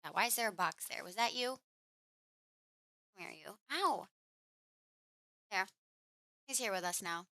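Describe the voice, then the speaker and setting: A woman's voice: mid-range voice, lively intonation, unhurried, pauses often, bright, forceful tone, no room sound, clean studio sound. A woman live-streaming a game from home, chatting casually and cooing at and scolding her cat between remarks. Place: home room.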